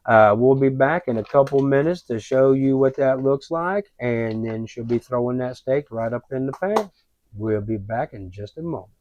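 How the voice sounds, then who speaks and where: A man hosting a home cooking video, narrating in a relaxed, folksy and rambling way. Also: medium pitch, no echo. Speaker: cooking show host. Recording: dull lo-fi, dry.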